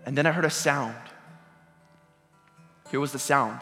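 A man's voice: on the high side, big pitch swings, a little fast, pauses often, sharp tone. A middle-aged man preaching a sermon, telling a personal story in a conversational way and asking the audience questions. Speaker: pastor. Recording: reverberant hall with music.

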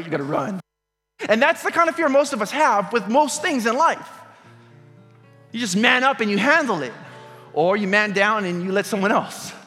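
High-voiced man preaching in a hall. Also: sharp tone. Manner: storytelling, conversational, asks the audience questions. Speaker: pastor. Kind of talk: sermon with personal story. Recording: reverberant hall with music.

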